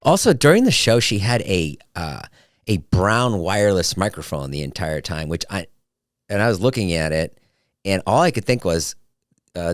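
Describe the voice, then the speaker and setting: Podcaster, man in his 40s, lowish voice that swings wide, jokey and animated, dry close mic. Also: moderate pace, dry recording. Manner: animated, jokey, swings into high excited pitch. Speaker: podcast host. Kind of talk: casual solo podcast monologue.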